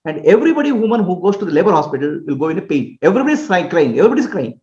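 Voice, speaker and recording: In a roomy, dull, lo-fi recording, a man with a high, darkish voice races along with big swings in pitch. He's a spiritual teacher fielding questions in a talk, explaining through homely examples, checking that listeners follow, and chuckling often.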